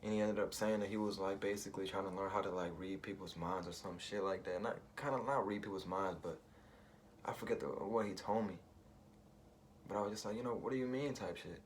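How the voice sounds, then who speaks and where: A man's voice: low voice, brisk, slight background noise. A man telling a personal story in a rambling, slangy way, full of fillers and asides. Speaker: vlogger.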